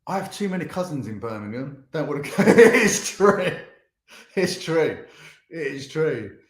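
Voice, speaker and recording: A man's voice: on the high side, big pitch swings, unhurried. Young london guy rambling thru chat comments on a stream, voice bouncing up and down, echoey room. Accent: London English. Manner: rambling, repeats words, laughs often. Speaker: charity livestream host. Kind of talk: casual livestream chat reading comments.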